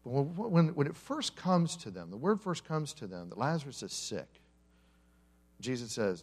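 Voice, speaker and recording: A man's voice: mid-range voice, normal speed, husky. A male pastor giving a conversational sermon to a congregation, telling the story with humor and acting out the characters. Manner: animated storyteller, acts out quotes with humor. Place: church service before a congregation.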